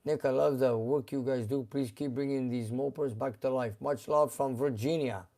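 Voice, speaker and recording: A middle-aged garage owner hosts a live stream, reading out viewer comments in a relaxed, halting manner full of fillers. His voice is mid-range.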